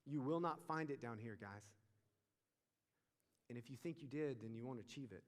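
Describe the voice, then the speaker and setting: A young man preaching a sermon to a student group, animated and asking the audience questions. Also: mid-range voice, normal speed. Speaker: youth pastor. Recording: long reverb of a large hall.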